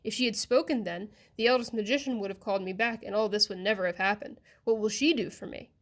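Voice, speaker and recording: A woman's voice: medium pitch, quick pace, close to an everyday voice. A woman voicing an anxious, boastful male crab creature in a storybook reading, pleading and proud by turns.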